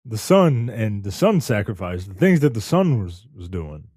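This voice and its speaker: A man co-hosting a film podcast, talking in slow, profane banter. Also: fairly low pitch, very animated, darkish tone, slightly rough, no echo, studio quality. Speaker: podcast co-host. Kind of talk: casual film-review banter.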